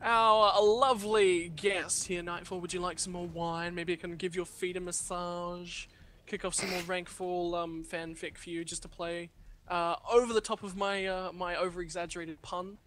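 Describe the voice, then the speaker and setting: A man's voice: high voice, flat delivery, normal speed, a bit bright, a little hiss or hum. A young man with a British accent casting an esports match in a playful, theatrical announcer manner. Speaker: esports caster. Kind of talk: esports commentary.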